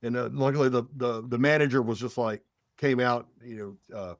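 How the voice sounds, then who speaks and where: A man's voice: medium pitch, fairly quick, no room sound, studio quality. A man in casual podcast chat, telling a long story with many fillers and restarts. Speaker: podcast guest.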